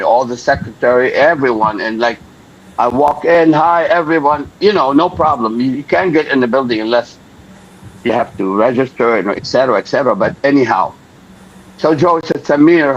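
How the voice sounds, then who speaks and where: An older man telling a story in an interview, acting out the voices of the people in it. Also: medium pitch. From Lebanon. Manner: animated, acts out the voices of people in his story. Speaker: interview guest. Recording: dull lo-fi recording.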